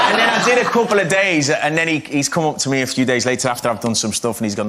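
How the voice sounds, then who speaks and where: A man's voice: mid-range voice, fast, few pauses, a loud crowd. A man, a talk show guest telling a casual anecdote with lots of laughter. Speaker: guest actor. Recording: noisy studio with loud audience.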